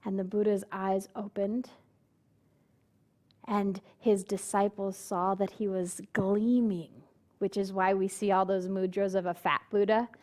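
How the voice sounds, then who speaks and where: This woman's voice is medium-pitched and a bit dark as she delivers a sermon. She tells a story, performs the quoted lines in different voices, and addresses questions to the congregation.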